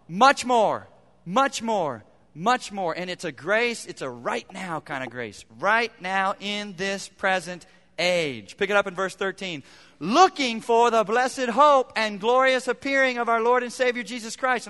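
A male pastor preaches to his congregation, driving points home by repeating them. His voice sits high and sounds bright and forceful. The sound carries a long reverb from the church hall. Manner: emphatic, repeats phrases for effect. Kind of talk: sermon. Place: church sanctuary.

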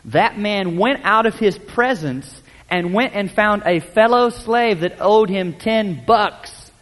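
A man preaching a sermon in a church, swinging between loud urgent lines and hushed, quiet ones. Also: sits high, lively intonation, slow pace, big-room sound. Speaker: pastor.

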